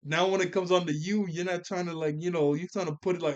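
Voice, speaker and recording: In a relaxed, slangy review style, a young man talks through a cartoon episode, his voice a bit high for a man. He speaks quickly, gets animated, and laughs as he recaps. The highs in the audio are cut off.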